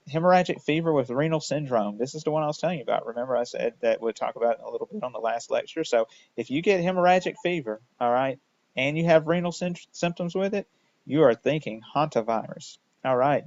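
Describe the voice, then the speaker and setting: A man's voice: mid-range voice, darkish tone. A man giving a recorded lecture in a casual, jokey way, often checking in with "all right?". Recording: dull lo-fi dry recording.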